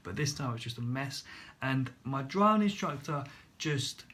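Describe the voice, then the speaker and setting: Animated young Englishman telling a story. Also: mid-range voice, normal speed. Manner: animated, laughing at himself, acting out voices. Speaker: vlogger. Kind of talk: casual storytelling.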